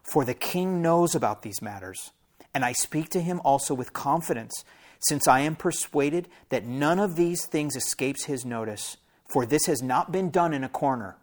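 A man's voice: mid-range voice, animated, moderate pace. A man, a pastor, preaching a sermon and reading scripture aloud, stopping often for plain explanatory asides to his listeners.

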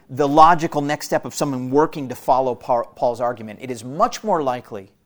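A man preaching an expository sermon, earnest and emphatic, repeating key phrases for weight. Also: medium pitch.

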